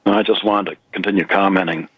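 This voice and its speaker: A male radio guest with a very low, husky voice explains his points steadily and deliberately. His line sounds dull and muffled, with a narrow band. The sound is dry, with no room echo. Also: steady tone. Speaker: guest on a call-in radio show. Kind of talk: measured commentary.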